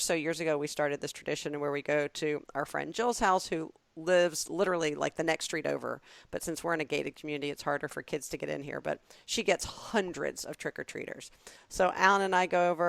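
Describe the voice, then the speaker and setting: Woman, podcast co-host, lower pitch, gravelly, animated storyteller. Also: dry recording. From southern United States. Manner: animated storyteller, acts out quotes with big pitch jumps and laughs. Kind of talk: casual comedic storytelling.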